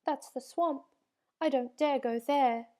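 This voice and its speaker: A woman voicing a timid tiny forest creature. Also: slow pace. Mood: scared. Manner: anxious, high and excitable.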